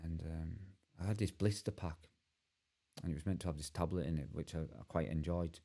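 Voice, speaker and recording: A man telling his own story as a podcast guest, earnest and halting with many restarts. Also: a bass voice, fairly even intonation, gravelly, mellow. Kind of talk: candid personal storytelling.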